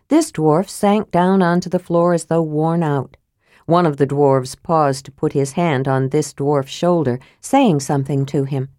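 A woman narrating a fantasy audiobook in a steady, measured reading voice, close to the mic. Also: sits low, no room sound.

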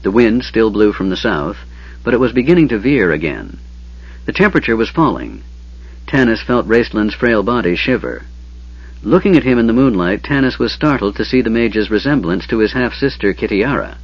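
A man reading a fantasy novel aloud in a steady, measured storytelling voice. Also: lowish voice, slightly rough. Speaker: audiobook narrator. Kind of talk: scripted fantasy narration. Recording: dull lo-fi audiobook recording.

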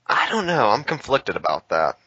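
Bright-voiced man with dry quips. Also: mid-range voice, very animated, normal speed, breathy edge, no room sound, dull audio. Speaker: podcast co-host. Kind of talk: casual chat.

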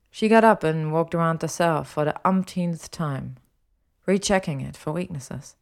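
Woman narrator, low voice, steady storytelling read. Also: measured pace, gravelly. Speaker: audiobook reader. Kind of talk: fan fiction narration.

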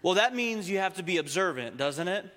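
A man with a high, bright voice preaching a sermon. He tells stories in a lively way and climbs toward emphatic points. A long reverb hangs in the sanctuary. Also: brisk. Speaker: pastor. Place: church sanctuary.

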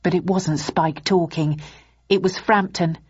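Husky woman reading an audiobook. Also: lowish voice, unhurried. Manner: steady storytelling, voicing characters. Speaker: audiobook narrator. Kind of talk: first-person audiobook narration. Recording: dull lo-fi audiobook recording.

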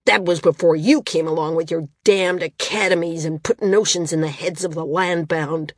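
A woman's voice: deep voice, fairly even intonation, moderate pace, dry recording, studio quality. Woman doing Arak, a sneering little man. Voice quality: snapping, sneering delivery. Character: small arrogant older male flyer, petty and sneering.

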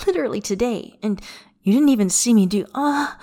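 A woman voicing a breathy, teasing young man. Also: on the high side, animated, brisk, warm tone, pitched above the performer's own voice. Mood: gloating. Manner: breathy, pleading.

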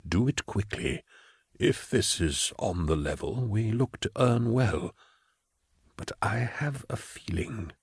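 A man voicing a suspicious, fussy male prefect in an audiobook, with hushed, wary asides. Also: lowish voice, animated, slow, breathy edge, dry recording, studio quality, heavily acted. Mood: urgent whisper.

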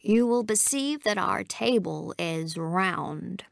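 A woman reading as a pompous old gentleman. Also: medium pitch, animated, takes it slowly, gravelly, no room sound, clean studio sound, full character voice. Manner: florid, courtly storytelling. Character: elderly genteel invalid uncle, pompous raconteur.

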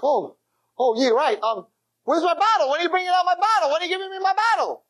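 A shrill, sobbing drunk young man rails at the people around him. His voice jumps far above its usual range and cracks into tearful shouting. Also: expressive, fast. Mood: drunk outrage. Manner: high-pitched shrieking, tearful shouting.

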